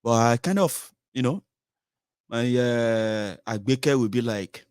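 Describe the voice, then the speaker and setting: A man from Nigeria with a Nigerian accent, hosting a political commentary show in an animated, mocking monologue that mixes English, Pidgin and Yoruba. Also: medium pitch, takes it slowly, clear, resonant tone, no echo, studio quality.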